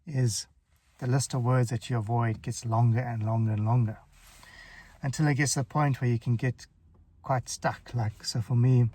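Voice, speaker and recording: A man's voice: medium pitch, dry recording. Man who stutters, talking plainly. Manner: relaxed, chuckles often, stutters now and then. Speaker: stuttering coach. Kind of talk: casual advice talk to camera.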